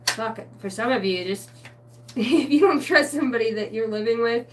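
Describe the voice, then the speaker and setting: Woman doing a tarot reading, swears nonstop, kinda high voice, mic a bit far off w faint hum. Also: moderate pace. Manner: excitable, swears constantly, stream of consciousness. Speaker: tarot reader. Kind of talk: rambling spiritual tarot reading.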